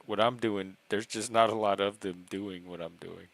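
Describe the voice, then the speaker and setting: A man's voice: lowish voice, steady tone, normal speed, gravelly, a bit bright, no room sound, poor audio. A man hosting his own livestream, chatting in an easygoing, agreeable way. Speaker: stream host. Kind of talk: casual chat.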